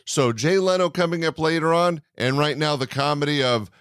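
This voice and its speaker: A man's voice: normal speed, a bit bright, smooth, dry recording, studio quality. A man hosting a comedy podcast, introducing the sets in an upbeat promo manner. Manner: friendly, upbeat promo pitch. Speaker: podcast host and club owner.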